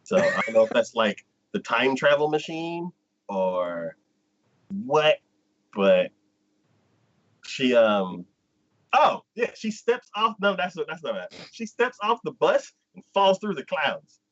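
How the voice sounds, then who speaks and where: Rambling man, lively pitch. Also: takes it slowly, muffled recording. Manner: rambling plot recap full of "like" and "um". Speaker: co-host. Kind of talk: casual chat.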